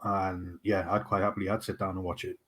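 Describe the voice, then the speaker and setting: A man's voice: low-pitched, flat delivery, a little fast, a bit bright, breathy edge. A man co-hosting a casual film podcast, blunt and full of banter, swearing casually. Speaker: podcast co-host. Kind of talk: casual chat.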